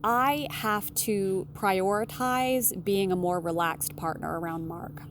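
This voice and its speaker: A woman relationship consultant speaks alone in a frank, unfiltered advice monologue and swears freely. Her voice sits at an ordinary middle pitch, and she jumps up sharply when she stresses a point. A faint hiss of background noise sits under the recording. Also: slow. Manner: blunt, candid, swears casually; animated, with sudden emphatic jumps in pitch.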